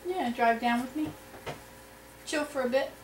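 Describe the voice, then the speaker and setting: A woman with a slightly high voice chats with her family while she bakes, explaining each step as she goes. She is heard from a distance in an echoey home kitchen. A faint hum sits under her voice. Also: unhurried. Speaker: mother baking at home. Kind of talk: casual family chat.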